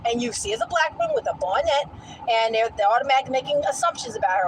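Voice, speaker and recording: A woman vlogging in a casual storytelling rant, animated and incredulous, often breaking into laughter. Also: sits high, racing, background noise.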